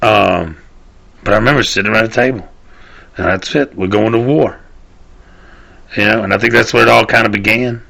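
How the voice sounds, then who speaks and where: A man's voice: fairly low pitch, fairly even intonation, fast, gravelly, pushed and bright. A man, ranting loosely on his own show, rambling and swearing, often trailing off and restarting. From Southern United States. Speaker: podcast host. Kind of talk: casual solo rant.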